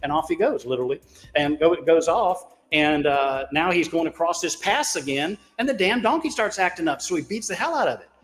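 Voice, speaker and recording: Profane, rambling man with a high voice. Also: expressive, a little fast, a bit bright. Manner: profane, folksy and self-mocking. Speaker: caller on a crypto talk show. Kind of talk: casual rambling storytelling. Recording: long reverb on the voice.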